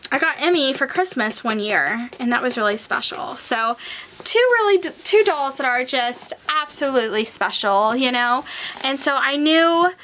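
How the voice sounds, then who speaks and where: A woman's voice: high voice, lively intonation, moderate pace, pushed and bright, slight background noise. A young woman chatting casually to camera as a collector vlogger, rambling with lots of fillers and getting tearful.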